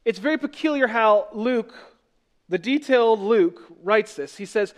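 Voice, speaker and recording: A man's voice: sits high, normal speed. A man preaching a sermon as pastor, earnest and conversational, often restarting and correcting himself.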